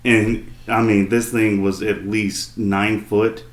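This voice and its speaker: A man co-hosting a podcast, telling a story in casual chat with plenty of swearing and animated retelling. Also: fairly low pitch, takes it slowly, echoey room. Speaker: podcast co-host.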